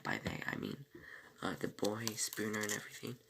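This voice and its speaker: A man's voice: lowish voice, very animated, a little fast, gravelly, noisy background. A man casually recapping a TV episode, rambling with many fillers and self-corrections and breaking off for small asides. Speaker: TV episode reviewer.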